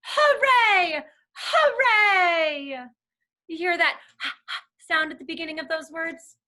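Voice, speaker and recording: A woman's voice: very high-pitched, little pitch movement, moderate pace, sharp tone. A woman reading a children's alphabet book aloud, sounding out letters in a playful, sing-song teacher's manner.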